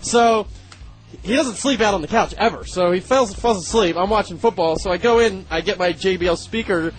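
A man's voice: high-pitched, poor audio. A man telling crude stories in casual chat, swearing and laughing as he goes. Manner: profane, laughing storyteller. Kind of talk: casual storytelling.

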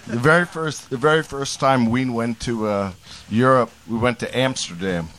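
A man's voice: mid-range voice, normal speed, fairly bright tone. A man in casual chat, telling a crude travel story in a rambling way, stumbling and repeating words.

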